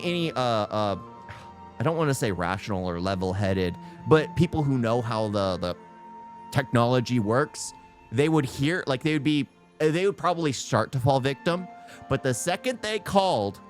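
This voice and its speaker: A man hosting a reaction video, giving rambling, casual commentary and laughing often. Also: medium pitch.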